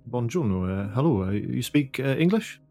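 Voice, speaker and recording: A man playing a polite, gravelly agent for a noblewoman. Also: medium pitch, sing-song, moderate pace, mellow, faint music behind, pitched above the performer's own voice. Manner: courteous and hesitant, full of filler sounds. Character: polite, formal male agent for a titled lady.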